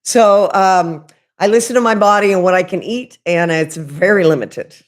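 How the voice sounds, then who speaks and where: A woman hosting a casual spiritual livestream, talking loudly and candidly, rambling and restarting her sentences and swearing casually. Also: fairly low pitch, normal speed. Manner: loud, chatty, rambling with frequent restarts. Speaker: livestream host.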